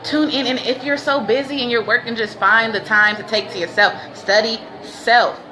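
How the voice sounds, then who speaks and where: A woman's voice: on the high side, steady tone, normal speed. A woman hosting a casual livestream, talking in laid-back slang, laughing often and breaking into preachy bursts. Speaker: livestream host. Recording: noisy ambience behind.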